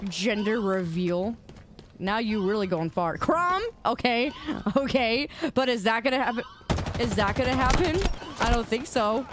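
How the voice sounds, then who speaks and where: A woman's voice: a little high, lively intonation, unhurried, noisy background. A woman streaming a game, chatting playfully with her chat and laughing and protesting as she plays. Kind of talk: casual live-stream chatter.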